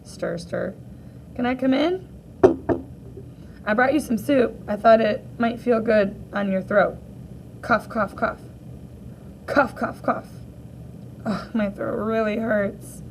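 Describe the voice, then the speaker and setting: A woman's voice: on the high side, unhurried, slight background noise, low-quality recording. Woman reading a children's book aloud. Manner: expressive, gently voicing each character. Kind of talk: read-aloud of a graphic novel for children.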